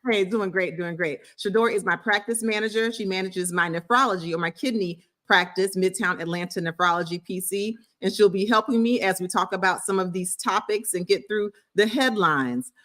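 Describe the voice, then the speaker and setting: A woman's voice: medium pitch, moderate pace, hardly any pauses, a bit bright. A middle-aged woman doctor from the US South, hosting a casual medical video and answering a commenter in an emphatic, sassy way. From Florida, US South.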